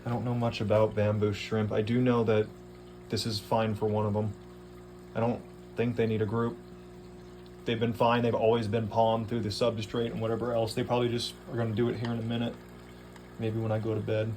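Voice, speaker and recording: A man's voice: fairly low pitch, completely flat delivery, brisk, darkish tone, a little hiss or hum. A man casually vlogging at home by his aquariums, rambling, swearing offhandedly and talking to his fish. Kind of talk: casual vlog chat.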